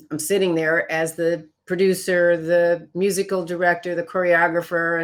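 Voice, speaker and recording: An older woman from Chicago, appearing as a guest in a storytelling interview, recounts stories from her career. She is an animated storyteller who acts out other people's lines, quoting them in higher voices.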